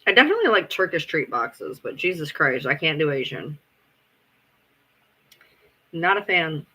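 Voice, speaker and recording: A man's voice: fairly high pitch, big pitch swings, normal speed, bright, forceful tone, breathy edge. A man chatting casually on a live stream, rambling, swearing freely and answering his chat as he goes.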